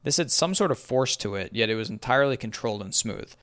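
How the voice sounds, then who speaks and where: A young man narrating a first-person story in a wry, even manner. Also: mid-range voice, fast talker.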